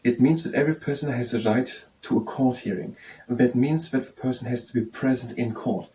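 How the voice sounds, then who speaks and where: Male tutor, mellow dark voice, slow repetitive explaining, slightly distant mic with faint noise. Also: medium pitch. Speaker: study tutor. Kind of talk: explaining lesson with yoga breaks.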